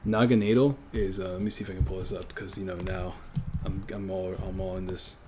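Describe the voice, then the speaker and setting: A man's voice: sits low, flat delivery, fairly quick, noisy background. A man from a French-speaking country chatting casually on a livestream, rambling and correcting himself as he goes, with frequent chuckles. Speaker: streamer.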